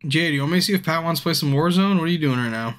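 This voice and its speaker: A drunk man streams a game, his voice a little high with lively intonation and a racing pace. He chats casually with viewers by name, frustrated and swearing a lot, in typical live-stream banter.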